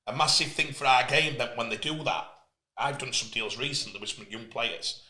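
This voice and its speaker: A man's voice: mid-range voice, normal speed. Passionate man, echoey room. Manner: passionate, animated storyteller. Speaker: host, player agent. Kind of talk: casual interview chat.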